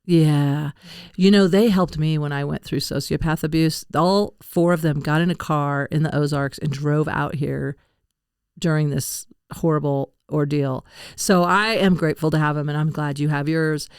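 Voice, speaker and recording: A woman's voice: deep voice, fairly even intonation, moderate pace, darkish tone, clean tone, no echo, clean studio sound. An older woman hosting a casual conversational interview, chatty and self-deprecating, laughing often. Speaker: podcast host.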